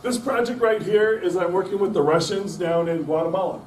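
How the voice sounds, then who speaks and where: A man's voice: high-pitched, a little fast, a little mellow, slight background noise. Middle-aged male guest speaker, folksy rambling storyteller with self-deprecating humor, miked from a distance. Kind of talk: anecdotal storytelling talk. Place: club meeting room. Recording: echoey room from a distance.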